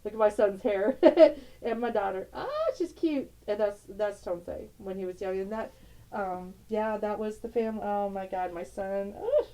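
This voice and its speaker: A woman's voice: medium pitch, unhurried, dark tone, low-quality recording. A middle-aged woman talking casually on her vlog, rambling tenderly with frequent laughs and broken-off sentences. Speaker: tarot channel host. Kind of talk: casual emotional vlog, showing family photos.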